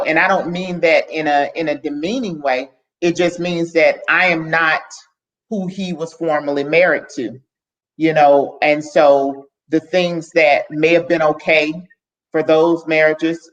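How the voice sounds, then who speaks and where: Chatting casually as a podcast guest, this woman is frank and sincere, frequently breaking off and starting her sentences over. Her voice sits low with a steady tone and a leisurely pace, and the sound is dull and lo-fi.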